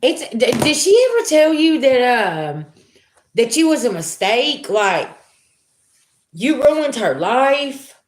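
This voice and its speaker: A woman's voice: fairly high pitch, sing-song, slow. A woman giving a live spiritual reading as a psychic, talking in a blunt, emphatic, slangy way. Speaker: psychic reader. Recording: roomy echo.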